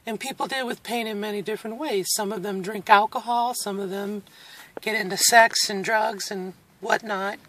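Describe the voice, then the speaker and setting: Emotional woman in her forties, halting. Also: medium pitch, fairly even intonation, a bit bright. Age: 40s. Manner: emotional, halting, near tears; candid and reflective, with nervous laughs. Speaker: vlogger. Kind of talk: personal video diary.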